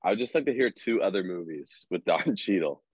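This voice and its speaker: Deep-voiced argumentative man. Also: animated, fairly quick, slightly rough, no room sound. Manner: defensive, argumentative. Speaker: podcast co-host. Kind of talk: comedic podcast banter.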